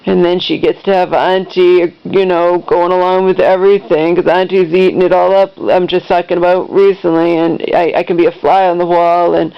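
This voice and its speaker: A woman's voice: lowish voice, little pitch movement, moderate pace, few pauses, clear, resonant tone, lo-fi sound. A middle-aged woman tells a painful family story to the camera, rambling and restarting as she goes. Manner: rambling, emotional retelling with restarts. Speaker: vlogger.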